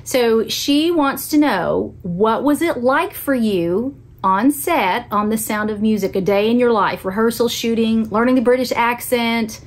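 An older woman hosting an interview, enthusiastic and quick to laugh as she asks questions. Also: a little high. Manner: warm, laughs often, enthusiastic. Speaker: host.

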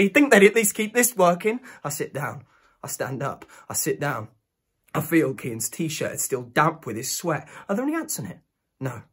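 A frantic young Londoner in a one-man theatre monologue, racing and breathless in the present tense. The voice is husky and set fairly high. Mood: restless. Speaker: stage performer.

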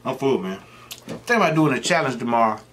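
A middle-aged man talks casually into the camera while he eats, drifting from one joking story to the next. His voice sits at an ordinary pitch, neither high nor low, and he keeps an easygoing, rambling flow. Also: animated, fairly quick, fairly bright tone, a little hiss or hum. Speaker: mukbang host. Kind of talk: casual chat while eating.

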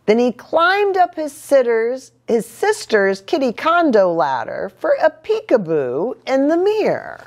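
A woman pastor reading a picture book aloud to children, an animated and playful storyteller. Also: sits high, a little slow, hardly any pauses.

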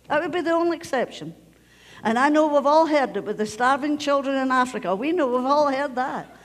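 A Scottish woman pastor preaching a sermon, emphatic, repeating key phrases and sometimes dropping to a near whisper. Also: high-pitched. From Scotland. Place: church sanctuary. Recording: long church reverb.

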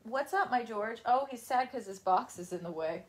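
A woman's voice: a little high, lively intonation, normal speed, husky. A woman chatting casually on a live stream at home, rambling from topic to topic, laughing often and talking to her dog. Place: at home while folding laundry.

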